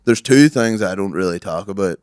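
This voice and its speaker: A man with an Irish accent chats casually as a podcast co-host, spinning laid-back anecdotes with a swear in every other line. His voice sits low. The sound is dry and close, with no room around it. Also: a little fast, darkish tone, dry recording. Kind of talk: casual chat.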